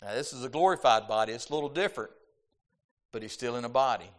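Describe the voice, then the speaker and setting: Preacher guy reading bible verses, gets loud then hushed, mid-pitch voice. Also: fast. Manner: animated, rises loud on scripture then drops soft. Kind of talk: sermon reading scripture.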